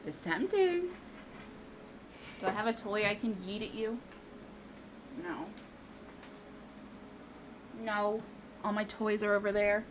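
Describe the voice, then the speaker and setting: A woman streams from home while modding a game, chatting casually with viewers and cooing at and scolding her cats in a playful sing-song. Her medium-pitched voice is flat and unhurried with frequent pauses, over background noise.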